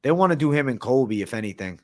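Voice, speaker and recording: A man's voice: mid-range voice, expressive, fast, darkish tone. Laid-back slangy man hosting a livestream. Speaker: MMA livestream host. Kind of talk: casual late-night livestream Q&A.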